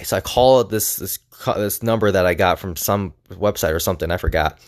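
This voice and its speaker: Lower-voiced young man telling a rambling story. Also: fairly even intonation, brisk. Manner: rambling, filler-heavy with frequent "like". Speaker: vlogger. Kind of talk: casual storytelling.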